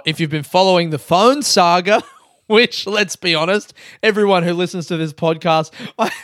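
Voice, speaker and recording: A man's voice: a little high, fairly bright tone, clear, resonant tone, no room sound, studio quality. A young man hosting a solo podcast, rambling casually, swearing and laughing at himself. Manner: casual, swearing, laughing asides, self-mocking. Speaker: podcast host. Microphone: close podcast mic.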